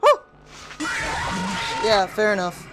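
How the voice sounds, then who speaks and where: A woman's voice: medium pitch, huge pitch swings, slow pace, over music. A woman hosting a gaming channel, reacting live to a horror game in casual slang, with frequent frightened exclamations and outbursts. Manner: talks to chat, casual slang.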